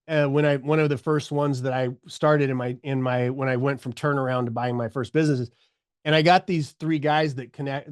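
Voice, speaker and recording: A middle-aged man telling his story as a podcast guest, animated, acting out the voices of people he quotes. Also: fairly high pitch, no echo, studio quality.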